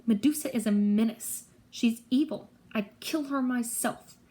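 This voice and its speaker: A brisk, clever teenage girl, voiced by a woman reading aloud gives orders with urgency. Her voice sits higher than the reader's own. She sounds precise and bossy. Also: warm tone, natural voice. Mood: urgent.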